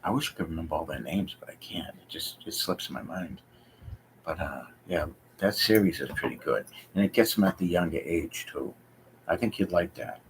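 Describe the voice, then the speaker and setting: A man's voice: low voice, lively intonation, moderate pace, a little hiss or hum, rough recording. A man chatting casually on a live stream, rambling and hesitant, thinking aloud with many fillers as he talks to viewers. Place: home basement.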